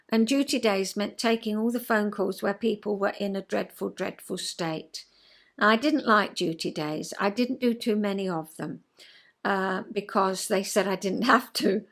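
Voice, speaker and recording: A woman's voice: mid-range voice, moderate pace, a bit bright. An older woman, a former counsellor, telling a rambling, self-deprecating story in casual vlog chat. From England.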